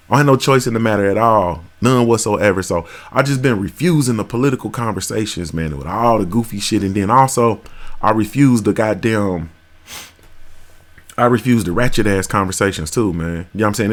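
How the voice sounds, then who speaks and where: A man in his thirties hosting a podcast, talking in a loose, profane, rambling monologue and checking in with "you feel me" again and again. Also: on the low side. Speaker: podcast host. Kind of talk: casual monologue.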